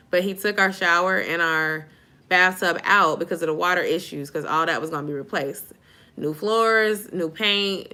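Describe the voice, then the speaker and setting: A woman's voice: fairly low pitch, bright, forceful tone. A young woman chatting casually with viewers on a late live stream, sleepy and informal, calling them y'all. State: sleepy, yawning. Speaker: YouTube vlogger on a live stream.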